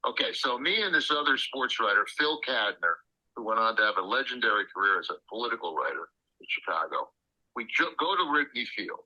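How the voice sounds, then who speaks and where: A man's voice: mid-range voice, big pitch swings, fairly quick, sharp tone, muffled recording. A man telling anecdotes as an interview guest, acting out the quotes with animation. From Illinois. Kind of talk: storytelling interview.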